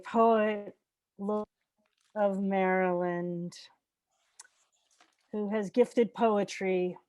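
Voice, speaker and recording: A woman host giving measured, formal introductions of poets at a reading. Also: mid-range voice, no room sound. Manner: slow, measured and warm-worded.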